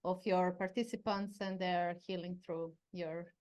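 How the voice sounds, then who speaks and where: A woman's voice: fairly low pitch, little pitch movement, measured pace, darkish tone, clean tone. Female interviewer and musician, casual, hesitant phrasing. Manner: searching for words, many fillers.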